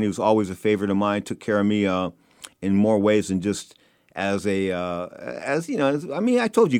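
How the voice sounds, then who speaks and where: Fast-talking excitable man, dry close sound. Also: lowish voice, clean tone, no echo. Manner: excitable, digressive, repeats himself. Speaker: radio host and private investigator. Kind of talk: rambling casual talk.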